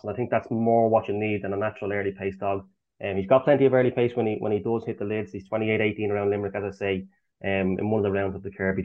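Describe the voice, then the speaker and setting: A man giving racing tips as a podcast guest, talking in a quick, rambling way with lots of ums. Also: lowish voice. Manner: quick, rambling, full of um and restarts. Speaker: guest tipster. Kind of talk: casual chat. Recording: tinny phone line.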